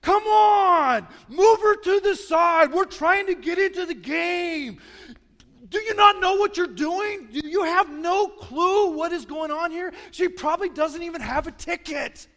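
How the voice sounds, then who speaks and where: A preacher putting on the voice of an impatient, shrieking woman yelling in a line. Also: extremely high pitch, unhurried, voice pushed up, heavily acted. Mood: furious. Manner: shouting, demanding, frantic. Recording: shouted in a large reverberant hall.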